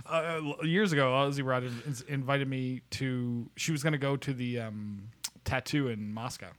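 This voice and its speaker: A man co-hosting a podcast in loud, profane, casual banter, laughing often. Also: medium pitch, steady tone, moderate pace. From United States. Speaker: podcast co-host.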